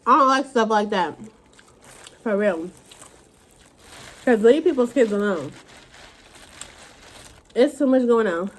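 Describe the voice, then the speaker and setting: A young woman rants straight to camera with a fairly high voice. She tells her stories dramatically and swears freely, in a casual indoor home recording. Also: slow, pauses often. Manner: animated, profane, dramatic retellings. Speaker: vlogger. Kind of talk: casual storytime rant.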